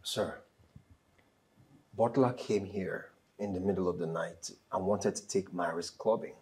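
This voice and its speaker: An actor playing a calm, respectful doctor who serves as a household caregiver. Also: male voice, low-pitched, unhurried.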